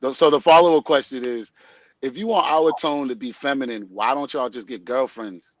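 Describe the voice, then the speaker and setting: A man's voice: mid-range voice, moderate pace, highs cut off. A man who is a guest on a live panel talk, asking playful, teasing questions.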